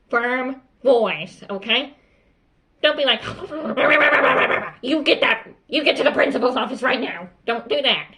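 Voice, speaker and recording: Woman as a calm, strict principal. Bright and crisp, lecturing staff. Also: on the high side. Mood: firm. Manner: instructive, firm, repeats "okay?". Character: strict but calm adult female school principal.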